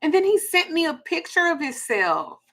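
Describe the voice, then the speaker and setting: A woman's voice: extremely high pitch, big pitch swings, normal speed, pushed and bright. A woman with a Southern US accent hosting a casual monologue, blunt and laughing between her stories. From Texas. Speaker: host.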